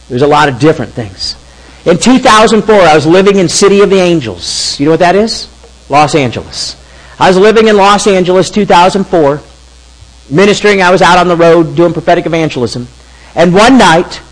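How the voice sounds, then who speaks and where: High-voiced animated male preacher. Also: poor audio. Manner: animated, halting storyteller with frequent restarts. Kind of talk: storytelling sermon.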